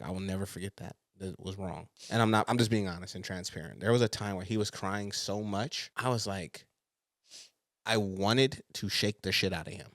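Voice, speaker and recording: A man's voice: lowish voice, no room sound, clean studio sound. A young man co-hosting a podcast, talking bluntly and openly, with frequent swearing, in casual chat. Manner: blunt, profane, confessional. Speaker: podcast co-host.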